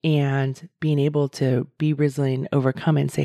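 A middle-aged woman coaching her listeners through a solo podcast episode, earnest and encouraging. Her voice is warm and low-key with a gravelly edge. It sits close on the mic in a dry, dead room. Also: flat delivery, normal speed, few pauses, dry recording.

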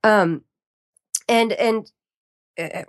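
A woman voiceover artist chats as a podcast guest, bouncing between playful asides and quick jokes. Her voice sits at a middle pitch. The sound is dry and close, with no room around it. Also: no room sound. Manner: lively, animated storytelling with playful asides. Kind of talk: casual chat.

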